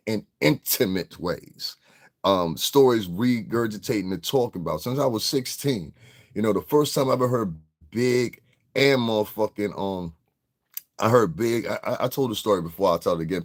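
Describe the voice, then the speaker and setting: A man doing casual live-stream commentary in a rambling, profane, streetwise way. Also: fairly low pitch. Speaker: livestream commentator.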